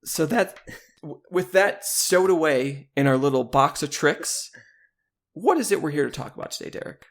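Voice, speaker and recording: A man's voice: a little high, animated, moderate pace. A man co-hosting a podcast in playful, rambling casual chat, often laughing. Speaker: podcast co-host.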